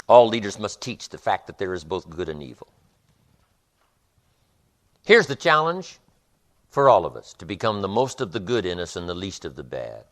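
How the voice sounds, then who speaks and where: A man's voice: deep voice, a bit bright. A man giving a live motivational seminar, speaking emphatically with rhythmic repetitions and storytelling. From United States.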